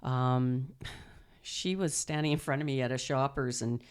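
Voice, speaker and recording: A middle-aged woman telling animated stories as an interview guest, laughing often and acting out quotes. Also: a bass voice, a little slow, smooth. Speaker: guest, mother and performer. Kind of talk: storytelling interview.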